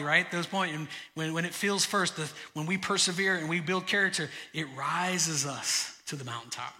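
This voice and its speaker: A man preaching a sermon as pastor, emphatic, slowing down to stress key phrases. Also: fairly high pitch, sharp tone. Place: church sanctuary. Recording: church hall reverb.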